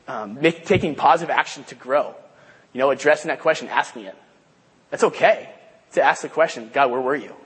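A man giving a casual Bible lesson, halting and repeating himself with many fillers. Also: a little high, fairly bright tone, slightly rough. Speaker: Bible study teacher. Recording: long hall reverb.

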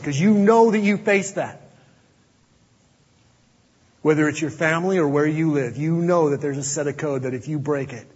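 A man preaching a sermon as pastor, earnest, dropping to a hush to press his points. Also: fairly high pitch, slightly rough. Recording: dull audio with long hall reverb.

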